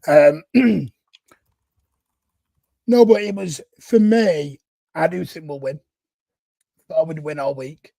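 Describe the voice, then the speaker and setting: A man chatting on a football watchalong while hoarse from laryngitis, talking confidently and defiantly. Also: fairly high pitch, lively intonation, measured pace, long pauses, mellow, no room sound. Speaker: guest pundit, co-host. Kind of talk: live football watchalong chat.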